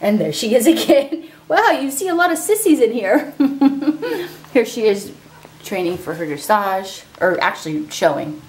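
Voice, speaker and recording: A woman's voice: fairly high pitch, big pitch swings, a little slow, darkish tone, husky. A woman in her thirties chatting casually to camera as a family vlogger, rambling and calling viewers "guys". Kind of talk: casual vlog chat to camera.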